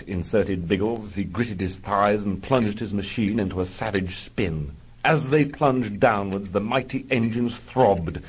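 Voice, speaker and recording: A man narrating a mock-heroic comic adventure in a dry, deadpan storytelling style. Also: lowish voice, husky, poor audio.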